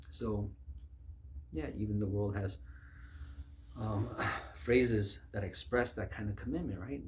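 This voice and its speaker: A man's voice: on the low side, slow pace, long pauses. A man preaching a sermon in an emphatic way, acting out the voices of the people he quotes.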